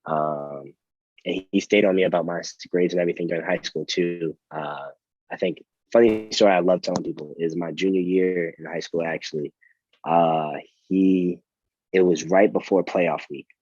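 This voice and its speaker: A young man, a college athlete, telling stories in a relaxed, rambling way with many fillers and restarts. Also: deep voice, moderate pace, no room sound, dull audio. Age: young adult. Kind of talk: casual storytelling interview.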